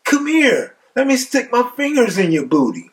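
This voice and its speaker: Loud-mouthed inmate joker, high and jeering, put on by a male storyteller. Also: lively intonation, brisk, far from the mic. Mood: taunting. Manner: taunting, high-pitched jeering.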